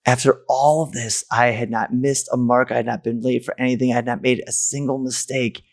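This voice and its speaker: A man's voice: medium pitch, steady tone, a little fast, hardly any pauses. A man, a podcast host, telling a personal story candidly and emotionally, stammering and restarting as he goes.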